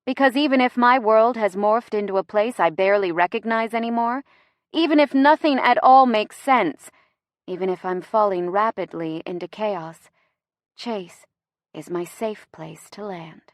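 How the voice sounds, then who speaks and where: A woman reading first-person narration for a romance audiobook, expressive and close to the mic. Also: mid-range voice, moderate pace, dry recording.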